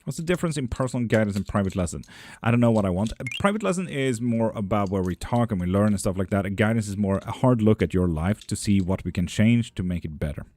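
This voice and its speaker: A man's voice: fairly low pitch, lively intonation, fast talker, mellow, no echo. Teasing, dry-humored male stream reader. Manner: reads chat questions aloud in a lifted voice, then answers dry and teasing. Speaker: live-stream tarot and bone reader. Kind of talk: casual live-stream chat, answering viewer comments.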